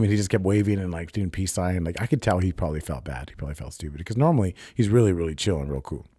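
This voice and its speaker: Low, dark-voiced young man rambling. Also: no room sound, studio quality. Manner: rambling, profane, confessional storytelling. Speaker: podcast host. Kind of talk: casual solo podcast monologue.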